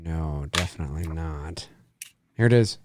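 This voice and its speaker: Lively-voiced man reacting to a movie. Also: extremely low pitch, normal speed, background noise. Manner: animated, profane, reads chat questions aloud. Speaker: host. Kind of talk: casual live movie commentary.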